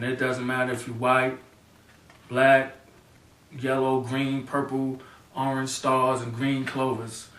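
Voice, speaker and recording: A man, a local party chairman, giving an impassioned spoken statement in a fervent, repetitive way, often adding "you know what I'm saying.". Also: medium pitch. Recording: roomy echo, mic at a distance.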